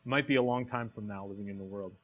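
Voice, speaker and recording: A man's voice: on the low side, fast, a bit bright. A man reading a passage aloud and then preaching on it, with direct questions to a live audience. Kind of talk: sermon.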